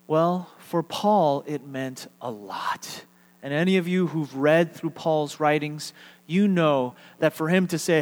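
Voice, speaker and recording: A man's voice: a little high, measured pace. Man preaching a sermon in a reverberant hall. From Texas. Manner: warm conversational preaching, leads congregation in call-and-response. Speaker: pastor. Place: church sanctuary.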